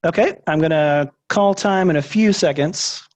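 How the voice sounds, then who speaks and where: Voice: mid-range voice, moderate pace, darkish tone. A host running a movie trivia game over a video call, chatty and upbeat.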